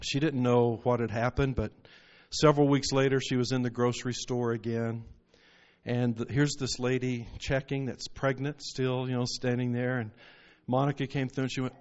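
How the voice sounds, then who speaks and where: A man's voice: medium pitch, level tone, moderate pace, a little mellow. A man preaching a sermon, telling stories and rising into emphatic bursts. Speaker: pastor. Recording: muffled lo-fi recording.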